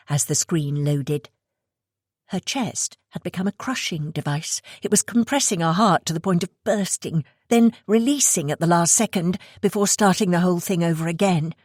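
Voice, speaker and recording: Low-voiced woman narrating a thriller. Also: darkish tone, no echo, studio quality. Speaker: audiobook narrator. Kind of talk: scripted narration.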